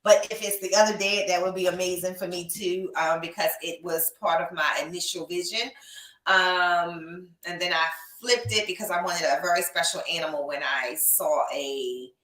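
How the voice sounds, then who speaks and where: The speaker, a young adult woman who hosts a podcast and breeds reptiles, reads viewer comments in a casual, gushing, emotional manner. Her voice is lowish and a bit bright, with fairly even intonation and a moderate pace. It was captured by a distant mic in an echoey room.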